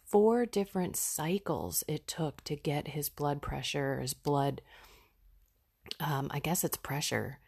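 Slow, low-voiced earnest woman. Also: darkish tone, husky. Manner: earnest, heartfelt, unhurried. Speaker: podcast host. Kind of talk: raw personal reflection.

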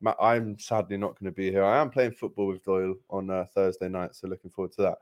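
A young man hosting a football podcast, chatting casually in an upbeat way, telling stories and giving shout-outs. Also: low voice, flat delivery, fast. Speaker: podcast host.

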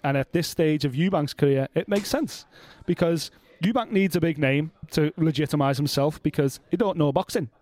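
Sweary man, fairly high voice. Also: moderate pace, hardly any pauses, darkish tone. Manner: sweary, blunt, jokey. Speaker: podcast co-host. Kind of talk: casual boxing chat.

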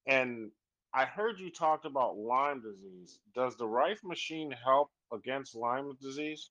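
A man's voice: medium pitch, unhurried, highs cut off. Earnest man hosting a call. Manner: earnest, animated, frequent "I'm like" asides. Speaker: host. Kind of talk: conversational storytelling on a call.

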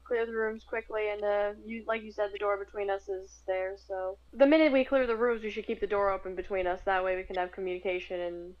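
A woman playing a tabletop game, speaking her character's lines quickly. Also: mid-range voice, level tone. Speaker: player. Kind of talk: tabletop role-play. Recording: dry, dull lo-fi mic.

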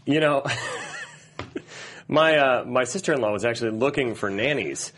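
A man's voice: medium pitch, a little slow, a bit bright, slight background noise. A man hosting a comedy podcast, telling rambling, profane stories in casual chat. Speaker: podcast host.

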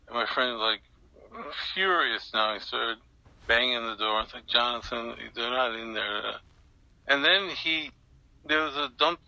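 A man's voice: medium pitch, unhurried, sharp tone, no echo, poor audio. An older man being interviewed, telling a long story in a rambling way with many restarts and fillers. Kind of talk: recounting an anecdote in an interview.

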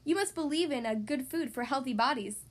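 Brisk lady bear doctor in a storybook, read by a woman. High, animated pitch. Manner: brisk and explanatory.

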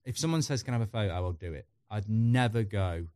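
A man's voice: fairly low pitch, animated, fast, dark tone, no echo, studio quality. A middle-aged man chatting candidly as a podcast guest, rambling through personal stories. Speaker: podcast guest, football YouTuber. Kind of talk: casual chat.

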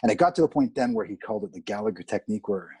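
A middle-aged man from Canada, an actor, telling candid, animated stories about film sets in a casual interview and swearing freely. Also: lowish voice, rapid-fire, breathy edge, no echo. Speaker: actor guest.

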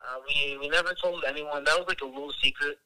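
A young man from Wisconsin, a podcast guest, tells a long, profane story in a rambling, casual way packed with filler words. His voice is a little high and fast, bright and forceful, with fairly even intonation, and the recording is rough.

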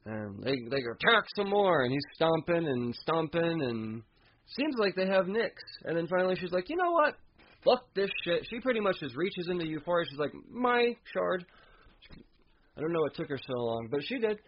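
A man's voice: a little high, big pitch swings, brisk, a little hiss or hum. A man giving a casual, profane comic book review vlog, chuckling as he talks. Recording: dull lo-fi recording.

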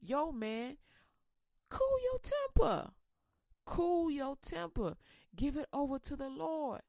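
A woman voicing a wise old grandfather who calmly warns a hot-tempered grandson. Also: sits high, takes it slowly, creaky, dry recording, clean studio sound, full character voice. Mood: warning. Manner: calm, warning, slangy.

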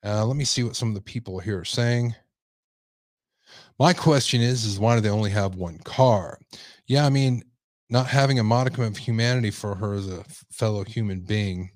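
A man's voice: on the low side, moderate pace, no room sound, studio quality. A man hosting a livestream commentary show, talking casually and rambling as he reads viewer comments. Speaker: host.

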